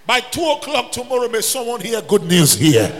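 A man preaching a sermon as pastor, building into shouts and sung phrases. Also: very high-pitched, wildly swooping pitch, normal speed, a faint crowd. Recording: long reverb with faint music.

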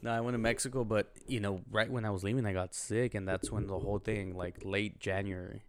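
A young man telling a profane, animated story in casual podcast chat, often laughing as he talks. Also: fairly low pitch, brisk, smooth, no room sound. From Los Angeles. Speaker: podcast co-host.

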